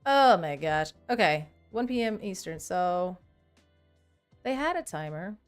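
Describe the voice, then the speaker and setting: A woman's voice: fairly low pitch, a little slow, smooth, soft background music. A woman in her thirties hosting a casual livestream, chatting animatedly and reading viewer comments aloud. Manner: animated, chatty, reads chat aloud, laughs often. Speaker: livestream host.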